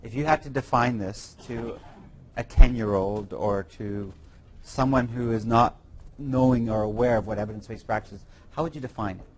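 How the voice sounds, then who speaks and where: A man's voice: mid-range voice, normal speed, slight background noise. A man from Britain co-teaching a live class, bantering with his partner and guiding the students. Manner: playful, bantering, gives instructions to the class. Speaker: co-presenter of a course.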